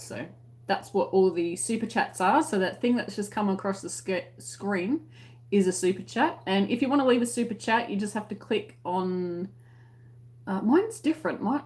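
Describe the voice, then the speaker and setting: Her voice is mid-range with a darkish tone. This Australian woman is running a relaxed crochet livestream, chatting with viewers over their comments and giggling while explaining slang.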